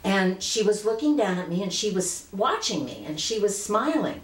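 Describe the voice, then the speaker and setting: A woman's voice: mid-range voice, big pitch swings, moderate pace, reverberant, rough recording. A woman in her late fifties earnestly telling a personal story to the camera in a conversational way. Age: 50s. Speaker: vlogger.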